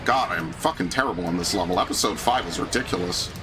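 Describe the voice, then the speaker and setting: A man streaming a video game, chatting casually and ranting with lots of swearing, his pitch jumping up when he gets indignant. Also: fast, music in the background. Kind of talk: casual chat while gaming.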